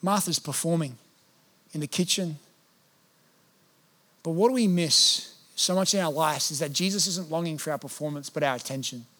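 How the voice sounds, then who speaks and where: A man's voice: on the high side, normal speed, long pauses, a bit bright. A man, preaching a sermon as a pastor, earnest, and at times acting out prayers in a pleading voice. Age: 30s.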